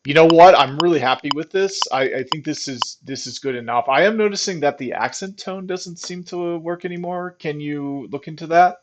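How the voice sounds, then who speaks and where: A man giving casual, rambling commentary while testing an app he built, excited and full of restarts. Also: fairly high pitch, moderate pace, few pauses, slight background noise. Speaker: programmer testing his own app. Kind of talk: casual screen-recording commentary.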